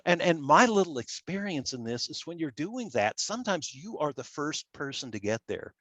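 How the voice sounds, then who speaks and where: A middle-aged man with a nasal Midwestern American accent, giving an academic lecture with slides in a halting way, often repeating his words. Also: on the high side, very animated, a bit bright, no echo. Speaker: public relations scholar.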